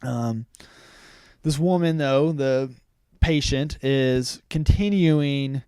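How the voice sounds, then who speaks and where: A man's voice: medium pitch, extremely slow, mellow, smooth, no echo, clean studio sound. A young man co-hosting a podcast, retelling a story in casual chat with plenty of "um"s and quoted lines.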